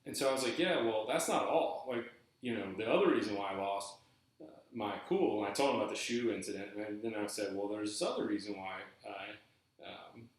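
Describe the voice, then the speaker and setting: A man's voice: on the low side, a little fast. Rambling man in an echoey room. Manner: rambling, animated, lots of fillers. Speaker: podcast host. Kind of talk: casual storytelling monologue.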